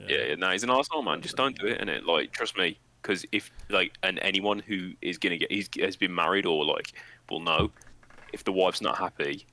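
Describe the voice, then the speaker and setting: Deep, bright-toned man joking bluntly. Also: fairly quick, low-quality recording. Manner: blunt, profane, jokey. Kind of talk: casual chat.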